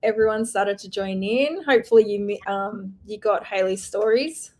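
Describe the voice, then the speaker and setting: A woman's voice: mid-range voice, moderate pace, darkish tone. A woman with an Australian accent, co-hosting a live webinar in an upbeat, casual way and laughing often. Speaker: webinar co-host.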